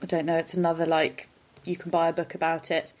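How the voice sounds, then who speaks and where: A woman's voice: low voice, monotone, quick pace, a little mellow. A woman from Denmark co-hosting a podcast, chatting in a wry, opinionated way, recorded remotely from home. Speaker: podcast co-host. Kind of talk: casual chat.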